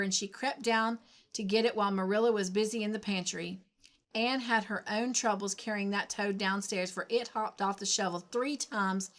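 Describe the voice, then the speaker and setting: A woman who runs a storybook channel, reading a classic novel aloud in a measured, expressive way. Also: medium pitch. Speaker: storybook reader.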